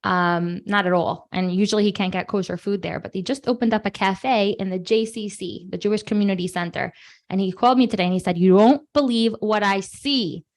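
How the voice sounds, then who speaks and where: A woman's voice: mid-range voice, steady tone, brisk. A woman hosting an online prayer gathering for children, talking casually and chattily with many fillers. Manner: chatty, rambling with fillers and restarts. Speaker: host of a kids' online prayer session. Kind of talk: casual, emotional live talk to children.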